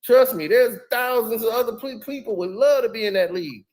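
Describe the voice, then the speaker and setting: A man hosting a casual live stream chat, talking in animated slang and laughing often. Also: very high-pitched, fairly quick.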